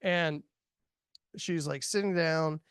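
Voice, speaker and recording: A man in his thirties chats loosely as a podcast host, his fairly high voice smooth and resonant. He rambles through his points with plenty of fillers and laughs. The sound is dry and close, with no room around it. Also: takes it slowly, fairly bright tone, no room sound. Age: 30s. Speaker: podcast host reviewing a horror film. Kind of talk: casual chat.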